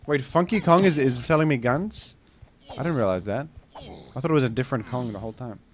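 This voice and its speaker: A man's voice: mid-range voice, expressive, fairly quick. A young man streaming a game, reading chat with dry, joking banter. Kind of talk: casual gameplay commentary.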